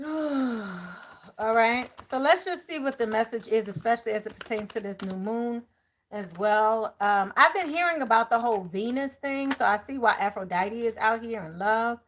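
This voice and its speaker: A woman's voice: fairly high pitch, moderate pace, slight background noise. A woman doing a live tarot reading, chatting casually and talking to her viewers as y'all. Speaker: tarot reader.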